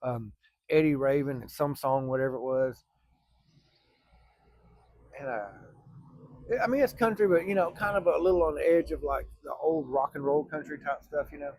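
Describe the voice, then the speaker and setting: A man's voice: fairly high pitch, lively intonation, normal speed, long pauses, a little mellow. A middle-aged man, casually telling a rambling, folksy story to his viewers from work. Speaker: vlogger. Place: workplace, early morning.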